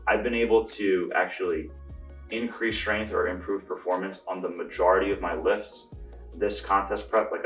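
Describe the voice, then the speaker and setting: Deep-voiced young man in an echoey room. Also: distant mic. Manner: relaxed, explanatory, with frequent fillers. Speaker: bodybuilder answering viewer questions. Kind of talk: casual vlog update. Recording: echoey room, voice from off the mic, faint music.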